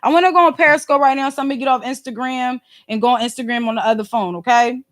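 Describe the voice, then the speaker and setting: Loud, high-voiced woman streaming. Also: fast talker. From Philadelphia. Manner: animated and slangy, fond of rhetorical asides; loud and emphatic, sometimes snapping. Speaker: podcast host and livestreamer. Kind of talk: casual livestream chat. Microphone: phone livestream.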